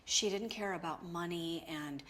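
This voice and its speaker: A middle-aged woman with a fairly low voice tells stories with real animation in casual talk, jumping into the voices of people she quotes. A soft restaurant murmur hangs in the background. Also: normal speed, a little hiss or hum. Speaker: actor guest. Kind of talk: casual chat.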